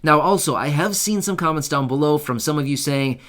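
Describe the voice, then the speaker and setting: A man's voice: on the high side, fairly quick, fairly bright tone. A man hosting an online channel, talking casually to his viewers with lots of asides and "right?" check-ins. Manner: chatty and informal, many fillers and asides, checks in with "right?". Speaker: YouTube host covering benefits news. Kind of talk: casual talk to camera.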